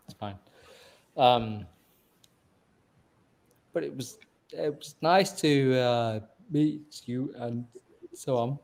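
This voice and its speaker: A man's voice: mid-range voice, extremely slow, vocal fry, pauses often, a little mellow. A man guesting on a livestream chat, laid-back and answering in short replies. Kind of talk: casual chat.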